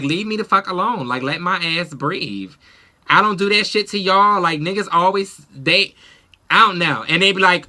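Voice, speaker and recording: Blunt, sharp-voiced woman ranting. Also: low voice. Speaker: beauty vlogger. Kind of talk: casual get-ready-with-me chat.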